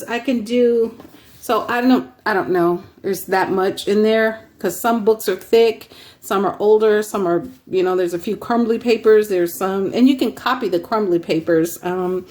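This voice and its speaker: A woman's voice: medium pitch, darkish tone. A woman chatting casually at home as she browses old sheet music for sale, reading titles aloud and laughing often. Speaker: online craft seller. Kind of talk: casual show-and-tell sales vlog.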